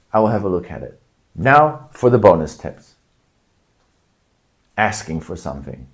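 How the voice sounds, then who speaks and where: A middle-aged man teaching language phrases in a casual video lesson, explaining patiently and breaking out into loud acted examples. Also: fairly low pitch.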